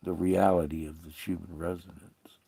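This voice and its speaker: A man's voice: sits low, level tone, moderate pace, gravelly, mellow, husky, dry recording. A man hosting a livestream, rambling and profane in casual chat, often breaking into laughter. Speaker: livestream host.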